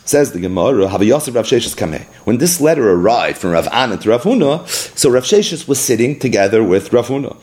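A man's voice: mid-range voice, sing-song, fairly quick, darkish tone. A man teaching a daily Talmud lesson. He reads the Aramaic text line by line, explains it in English, and acts out the rabbis' exchanges expressively.

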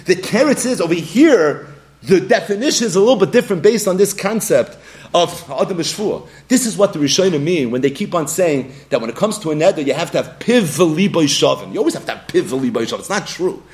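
A man with a Yeshiva English accent teaching a Talmud class, animated and acting out little scenes in different voices. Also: fairly high pitch, brisk.

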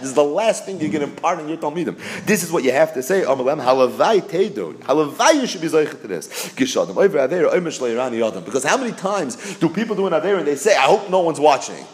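A man teaching a Talmud lesson, explaining passages in English mixed with Hebrew and Yiddish terms. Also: medium pitch. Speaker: Torah teacher.

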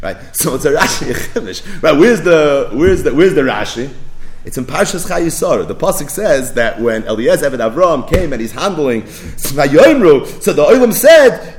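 Animated man giving a lecture. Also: fairly high pitch, moderate pace, a little hiss or hum. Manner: animated, singsong quoting of texts, rising to near-shouts. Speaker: Talmud teacher. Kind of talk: yeshiva-style Talmud lecture.

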